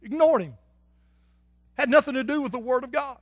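Folksy pastor with a high voice. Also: male voice, fairly quick, dry recording, studio quality. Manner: folksy, swings from soft and low to loud and shouting. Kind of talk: sermon.

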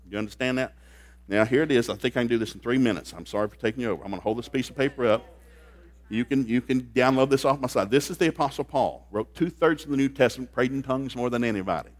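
A man preaching a sermon in a folksy, joking way, dropping into low asides and then rising into loud outbursts. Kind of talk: comedic sermon. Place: church service.

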